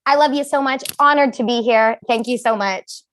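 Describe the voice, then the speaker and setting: Female stand-up comic, self-mocking, lively punchlines, slightly high voice. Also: moderate pace. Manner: self-deprecating, animated punchlines. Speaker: comedian. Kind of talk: stand-up comedy set.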